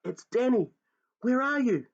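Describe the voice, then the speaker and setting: A frightened young boy shouting into the dark, high and strained, as a male reader puts him on. The voice leaps up and swings wildly. The sound is a little dull and lo-fi. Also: expressive, measured pace, exaggerated voice. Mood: desperate. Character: frightened young boy calling for his father.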